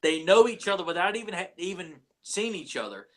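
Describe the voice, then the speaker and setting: Podcast guy, bright high-ish voice, stammers and repeats himself, kinda soft and sentimental. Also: big pitch swings, a little fast. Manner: hesitant, repeats words, sentimental. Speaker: podcast co-host. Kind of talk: casual chat.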